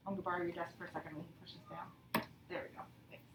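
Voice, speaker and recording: A woman's voice: on the low side, flat delivery, very fast, vocal fry. A woman teaching a grammar lesson to young pupils, thanking each child and reading example sentences with exaggerated expression. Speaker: elementary school teacher. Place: classroom. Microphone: distant mic in the room. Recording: echoey classroom, distant mic, faint hiss.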